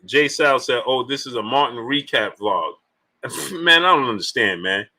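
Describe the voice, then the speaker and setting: A man hosts a boxing live stream in easy, bantering talk, greeting viewers one after another and pushing for likes. His voice is strikingly bright and cutting, sitting at an ordinary middle pitch. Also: animated, normal speed, poor audio. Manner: shouts out chat viewers and keeps urging likes; loose, laughing, joking banter. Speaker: boxing livestream host. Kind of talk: casual live-stream chat.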